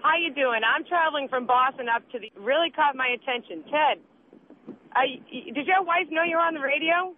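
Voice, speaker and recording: A woman calling a radio show while traveling in a vehicle, speaking earnestly in halting fragments. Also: sits high, slight background noise. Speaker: caller. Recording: tinny phone line from a moving vehicle.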